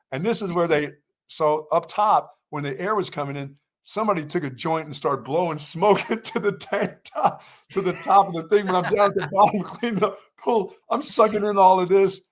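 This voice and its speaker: An older man from North Carolina co-hosts a sports talk show with a slightly raised pitch. He tells a long, rambling story in easy conversation and throws himself into the quoted lines. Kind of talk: casual storytelling chat.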